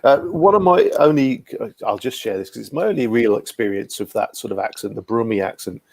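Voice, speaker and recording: A man's voice: medium pitch, brisk, creaky, darkish tone, no echo. A man hosting a casual video call chat, telling a rambling anecdote with self-deprecating asides. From Guernsey. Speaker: podcast host.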